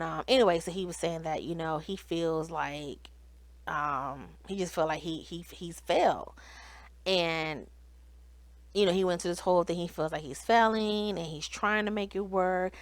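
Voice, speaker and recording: A woman's voice: lowish voice, dry recording. Chatty woman recapping a reality show. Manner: animated, talks straight to viewers, quotes cast in raised voice.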